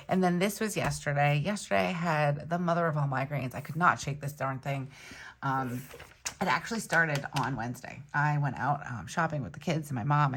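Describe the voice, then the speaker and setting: A woman in her thirties talks casually to her viewers, rambling through her week with frequent ums. Her voice sits low for a woman, with a gravelly edge and a husky grain. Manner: chatty, warm-hearted, many ums. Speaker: planner channel host. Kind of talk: casual chat.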